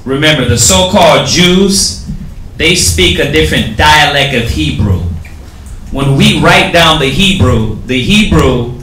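A man teaching a class, explaining things casually and haltingly with many fillers. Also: on the high side, sharp tone, a little hiss or hum. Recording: echoey room with faint ambience.

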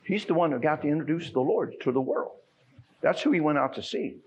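Folksy preacher, muffled recording. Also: male voice, on the high side, animated, brisk, darkish tone, husky. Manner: folksy and conversational, building to fervent emphasis. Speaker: pastor. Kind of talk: sermon. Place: church sanctuary.

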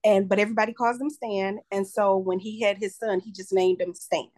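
A woman's voice: medium pitch, steady tone, a little fast, darkish tone. Matter-of-fact woman client. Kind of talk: casual conversation.

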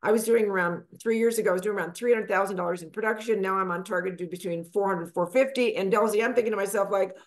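A middle-aged woman from Texas, a financial advisor guest, telling her story in a lively conversational way and acting out the people she quotes. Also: fast, hardly any pauses. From Texas, USA. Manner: animated, acts out quotes with big pitch jumps.

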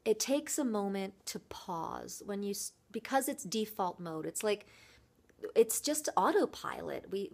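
Earnest woman voice coach vlogging. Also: mid-range voice. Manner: earnest and reflective, with thoughtful pauses. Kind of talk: motivational vlog talk.

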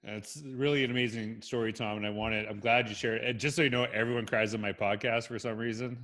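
A man's voice: mid-range voice, fairly even intonation, quick pace, fairly bright tone. Encouraging male podcast host. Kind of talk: casual interview chat.

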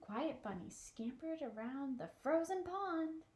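A woman who is a children's librarian, reading a picture book aloud in an animated way and asking questions of a child listener. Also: fairly high pitch, measured pace.

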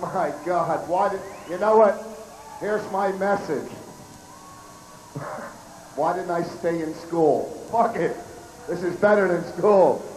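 A hoarse male comedian emceeing an outdoor festival stage, joking brashly and swearing at the crowd. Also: high voice, slow, pauses often, a little mellow, a little hiss or hum. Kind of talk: stage banter. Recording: echoey outdoor PA sound.

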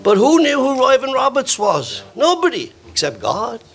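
Preaching in a church hall, this older visiting preacher from Wales tells warm stories full of acted-out quotes. He speaks at normal speed in a very high, creaky voice whose pitch swoops wildly.

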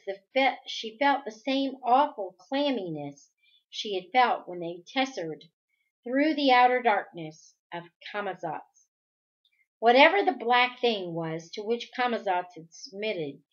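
A woman reads a storybook aloud slowly, keeping an unhurried, steady delivery with the odd restart. The recording sounds dull and lo-fi. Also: fairly high pitch. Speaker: reader.

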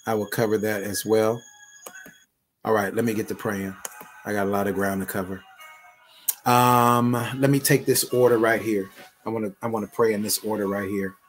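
A man's voice: fairly low pitch, fairly even intonation, moderate pace, pauses often, soft background music. A middle-aged man, a bishop and online pastor, speaking in an emphatic, conversational way on a live prayer broadcast and repeating his phrases.

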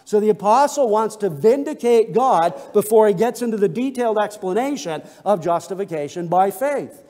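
A male pastor delivers an earnest expository sermon, pressing his points home with emphatic restatements. His voice sits high for a man. The sound rings with the long reverb of a church sanctuary. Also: expressive, normal speed, warm tone. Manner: earnest preaching with emphatic restatements and scripture readings.

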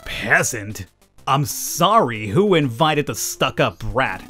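A man's voice: mid-range voice, big pitch swings, takes it slowly, a bit bright, soft background music. Guy just using his own voice for a young heroine, kinda sarcastic and defiant, game character.

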